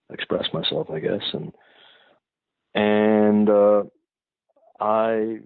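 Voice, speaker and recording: A man from Prince Edward Island, Canada, giving thoughtful, unhurried interview answers as a singer-songwriter guest, searching for his words. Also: low voice, vocal fry, husky, no room sound. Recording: tinny phone-like line, dry.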